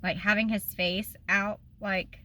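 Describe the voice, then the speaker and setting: A woman's voice: mid-range voice, level tone, measured pace, sharp tone. A woman, talking in a rambling, emotional way in a casual personal vlog, tearful at times. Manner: rambling and emotional, trails off and restarts. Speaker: vlogger.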